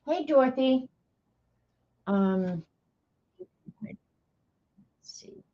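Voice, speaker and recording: A middle-aged woman with a high-pitched, warm, expressive voice stretches out her words as she draws on her art livestream. She is chatty and talks to herself while working, over dull lo-fi stream sound.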